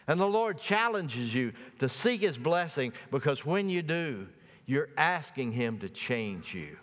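Man preaching in a big church, long reverb, dull muffled sound, voice sits a bit high. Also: very animated, unhurried. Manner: dramatic swings from soft to loud. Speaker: pastor. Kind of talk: sermon.

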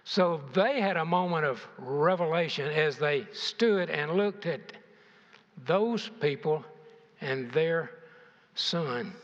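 A man's voice: on the high side, animated, takes it slowly. An older man preaching a sermon, asking his congregation rhetorical questions and shifting his emphasis. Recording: dull, echoey church hall.

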